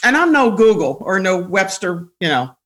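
A woman guest telling personal stories in candid conversation, animated, laughing often, with many fillers and restarts. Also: medium pitch, normal speed.

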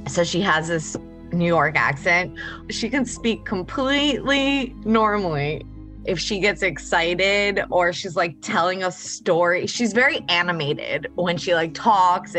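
Low-voiced woman, animated storyteller. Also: slow, faint music behind. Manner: animated storyteller, acts out quotes. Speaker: interviewee, close friend. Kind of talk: documentary interview.

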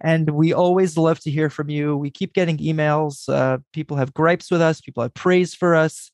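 A man's voice: on the high side, normal speed, no room sound, clean studio sound. A man co-hosting a podcast, chatting casually and joking with enthusiasm. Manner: lively, jokey, enthusiastic. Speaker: podcast co-host.

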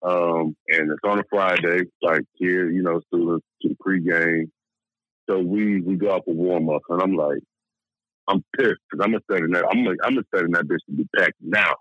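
A former football player as an interview guest, telling stories in a laid-back, profane way. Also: male voice, sits low, fairly even intonation, moderate pace, fairly bright tone, no room sound, lo-fi sound. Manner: laid-back storytelling, swears freely, says "man" a lot. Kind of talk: casual interview chat.

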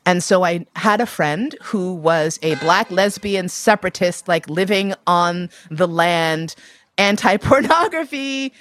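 A woman telling a candid personal story in an interview, animated and profane, often breaking into laughter. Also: lowish voice, measured pace, faint music behind.

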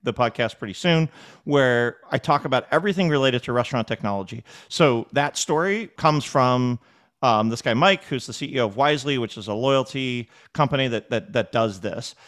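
A man talking as a guest on a podcast, animated and repeating words as he acts out little conversations. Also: medium pitch, normal speed. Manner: animated storyteller, acts out dialogue, frequent word repeats. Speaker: podcast guest, restaurant technology executive. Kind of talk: casual interview talk.

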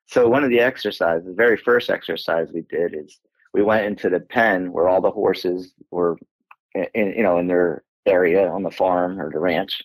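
Gravelly low-voiced veteran man. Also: normal speed, no room sound, rough recording. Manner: animated, acts out his own lines, laughs through emotion. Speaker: guest, Air Force veteran. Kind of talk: emotional storytelling in a casual interview.

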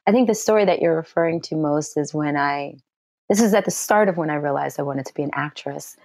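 A middle-aged actress telling a personal story in an interview, animated and acting out what people said in a high, excited voice. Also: female voice, brisk, dry recording, studio quality. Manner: lively storyteller who acts out quotes in a high excited voice.

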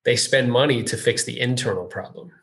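A man at a middling pitch hosting a relaxed business interview. He talks eagerly and conversationally, leaning on filler words as he retells anecdotes and builds on his guest's points. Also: brisk, vocal fry, slight background noise. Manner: eager, chatty, retells stories with lots of "like". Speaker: podcast host. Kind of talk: casual interview chat.

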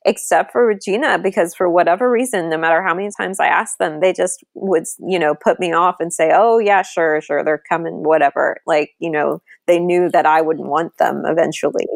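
A woman in her thirties recounts a personal story in a relaxed conversational tone, her voice lifting and dropping as she acts out quotes. The sound is close and dry, with no room around it. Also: lowish voice, brisk, creaky, hardly any pauses, no echo. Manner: animated storytelling with acted-out quotes. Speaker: podcast guest. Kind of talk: casual conversation.

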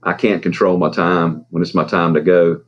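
A man with a very low voice, speaking as an interview guest. He talks in a halting way, pausing on fillers and laughing softly. The recording is dull and lo-fi. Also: little pitch movement, breathy edge. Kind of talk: interview storytelling. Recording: dull lo-fi sound.

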